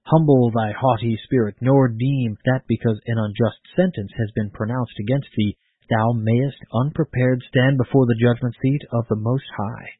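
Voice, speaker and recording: A man's voice: medium pitch, steady tone, normal speed, slightly rough, dry recording, natural voice. A man reading as a grieving pious mother. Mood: pleading. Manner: pleading, solemn, old-fashioned speech. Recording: tinny phone-like lo-fi sound.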